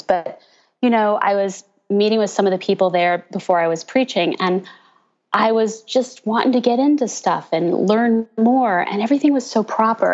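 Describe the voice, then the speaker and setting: Woman pastor, podcast guest; animated storyteller who imitates people she quotes; slightly muffled audio. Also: medium pitch. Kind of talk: casual interview chat.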